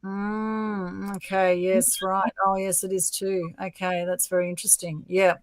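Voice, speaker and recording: A woman's voice: medium pitch, level tone, a little slow, dry recording. An Australian woman co-hosting a casual livestream show over a video call. Her delivery is chatty, upbeat and promotional. Her voice sits in a middle range and sounds dry and close. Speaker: co-host.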